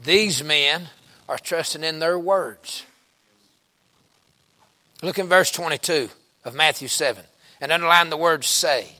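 A man preaching a sermon in a folksy way, dropping to a hush and then building up to shouts. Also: on the high side, a little slow, long pauses. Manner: swings from hushed to shouting, folksy.

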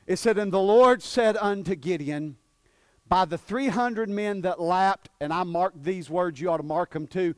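A male preacher, delivering a sermon that swings between shouted peaks and hushed, drawn-out passages. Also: high voice, animated, no echo, studio quality.

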